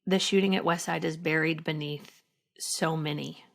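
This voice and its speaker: A middle-aged actress talking slowly and reflectively as a podcast guest, with halting restarts. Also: female voice, low-pitched, fairly even intonation, creaky. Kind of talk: emotional interview conversation.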